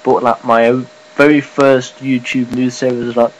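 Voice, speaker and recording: A man giving a casual, rambling vlog update, swearing offhandedly and filling pauses. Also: mid-range voice, rough recording. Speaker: gaming and news vlogger.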